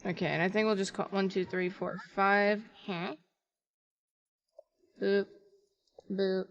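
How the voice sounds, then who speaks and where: A woman's voice: medium pitch, little pitch movement, slow, muffled recording. A young woman streaming a game live, chatting casually over voice chat with dramatic, squeamish exclamations. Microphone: desktop mic on voice chat.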